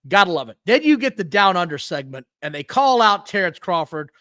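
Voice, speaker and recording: His voice sits high and his pace is brisk; the rough recording has no room sound. This man co-hosts a casual wrestling podcast, and his match stories are lively, blunt, and full of profanity.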